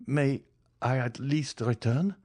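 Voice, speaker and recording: A man's voice: mid-range voice, slow, darkish tone, voice pushed up. A man voicing an anguished young man who pleads and swears vengeance in an impassioned voice. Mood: urgent pleading.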